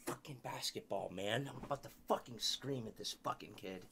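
A male streamer in a furious rant, cursing and shouting. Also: medium pitch, brisk, creaky, background noise. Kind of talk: profane ranting on stream.

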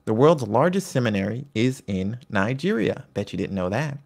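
A man's voice: medium pitch, big pitch swings, normal speed, gravelly. A man presenting a casual lesson on church history, talking conversationally with asides and personal anecdotes. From United States. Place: home in Virginia.

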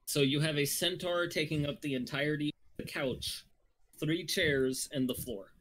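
A man narrating a tabletop game as game master, describing the scenes deliberately and laughing often. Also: fairly high pitch, fairly bright tone, a little hiss or hum.

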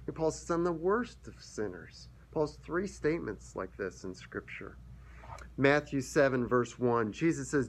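An earnest pastor delivering a sermon in a mid-pitched male voice. He often stumbles and repeats a word as he restarts, then reads scripture passages aloud to the congregation.

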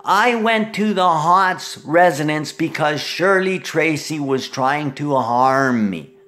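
A middle-aged man in a rambling monologue, agitated and profane, swinging between shouting and muttering. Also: fairly high pitch, expressive, slow.

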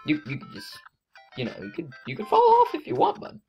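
A woman giving excitable let's play commentary as she plays, scolding herself and yelping at her mistakes. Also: sits high, a little fast, creaky, soft background music. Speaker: gaming video creator.

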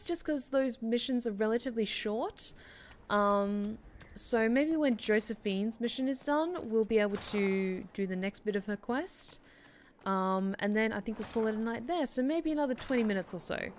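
A woman's voice: a little high, animated, moderate pace, slight background noise. A woman streaming a game, chatting casually and reading in-game notes aloud. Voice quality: chatty, frequent fillers. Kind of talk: casual let's-play chat.

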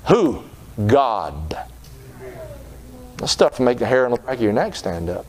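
A man's voice: mid-range voice, big pitch swings, quick pace, darkish tone, slight background noise. A man preaching a sermon, retelling scripture in folksy terms and putting on voices for its people. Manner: folksy storytelling, acting out the people in his stories. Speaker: pastor.

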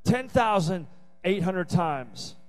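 Emphatic high-voiced youth pastor man. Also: sing-song, slow, soft background music, rough recording. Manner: emphatic, repetitive, playful asides. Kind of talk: youth sermon. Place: youth service venue.

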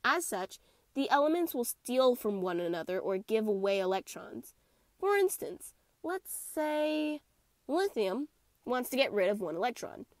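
A young woman with a stuffy, congested voice, hosting a playful, animated chemistry lesson. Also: on the high side, measured pace, dry recording, clean studio sound. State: congested from a cold. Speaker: chemistry video host. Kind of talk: casual explainer lesson.

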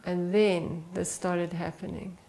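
A middle-aged woman from South Africa, haltingly recalling family hardships in a conversation. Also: lowish voice, flat delivery, gravelly, mellow. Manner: halting, with pauses and restarts. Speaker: interviewee, wife. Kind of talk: personal testimony in conversation.

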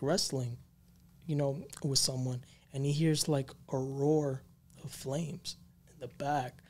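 A man's voice: fairly high pitch, darkish tone. A man co-hosting a paranormal podcast, telling a creepy story in a rambling, slangy way with many fillers. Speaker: podcast co-host.

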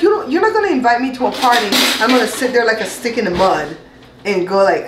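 A woman's voice: on the high side, lively intonation, fast talker, background noise. Chatty woman host from Belize. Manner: chatty, laughing, playful teasing. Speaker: cooking show host. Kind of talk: casual kitchen chat. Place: home kitchen. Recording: echoey kitchen room.

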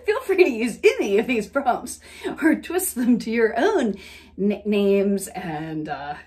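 A woman's voice: mid-range voice, very animated, takes it slowly, darkish tone. A woman with a Southern American accent leading a playful laughter session, breaking into laughter often. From Southern United States. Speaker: laughter practice leader.

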